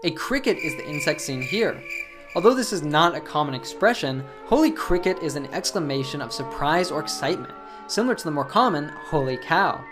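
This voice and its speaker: Low-voiced woman explaining English. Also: lively intonation, brisk, music in the background. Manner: clear, explanatory. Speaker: English teacher. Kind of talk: scripted lesson narration.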